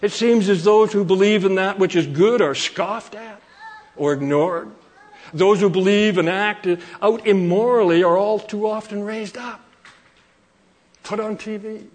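A man preaching a sermon from Canada, earnest and repeating phrases for emphasis, slowing down to quote scripture. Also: high-pitched, a little mellow.

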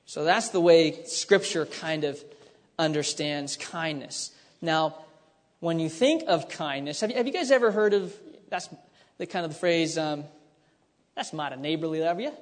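A man's voice: fairly high pitch, a little slow. A man preaching a conversational sermon, teaching with frequent restarts and asides. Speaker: pastor. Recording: long hall reverb.

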